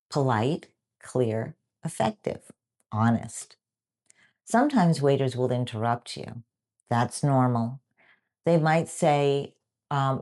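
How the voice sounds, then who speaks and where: Female English teacher, very deep voice, clear deliberate lesson read. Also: expressive, dark tone. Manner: slow, clear teaching delivery with acted example phrases.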